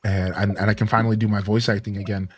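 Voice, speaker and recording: A male game streamer chatting casually with his live viewers, relaxed and rambling with lots of "like" and "you know", his voice still a bit worn. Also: fairly low pitch, fast, soft background music.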